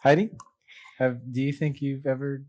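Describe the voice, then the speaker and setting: A young adult man hosting a casual faith podcast, earnest and reflective, often halting and restarting as he shares a personal story. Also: medium pitch, little pitch movement, darkish tone. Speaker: podcast host.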